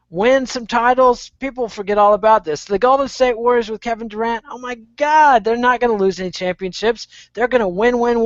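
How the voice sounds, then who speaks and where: A man's voice: very high-pitched, no echo, dull audio. A man from Texas, a talk show guest, ranting in a brash, over-the-top way. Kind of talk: casual chat.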